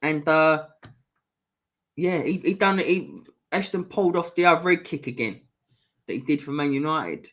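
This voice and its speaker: A man from East London with a Cockney accent hosts a casual fan livestream, reading the chat aloud. His slightly high, bright voice moves at a moderate pace with long pauses, and he rambles chattily, restarts a lot, and swears casually.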